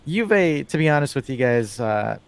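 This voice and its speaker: A man co-hosting a casual football podcast, talking in a rambling, animated way, full of fillers and restarts, with wry asides. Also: mid-range voice, normal speed, gravelly, slight background noise. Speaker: podcast co-host.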